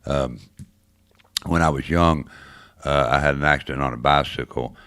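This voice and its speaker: Give me an older man with a very low voice hosting morning radio, rambling and folksy. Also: steady tone, moderate pace, fairly bright tone, smooth, dry recording, studio quality. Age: 60s or older. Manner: folksy, rambling storyteller with many uhs. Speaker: radio show host. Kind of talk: casual morning radio chat. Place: radio studio.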